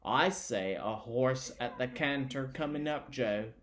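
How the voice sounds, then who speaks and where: Guy reading as a cranky coachman, grumbly and slow. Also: medium pitch, fairly bright tone, natural voice. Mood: tense. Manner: grumbling, irritable. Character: vexed grumbling male coachman.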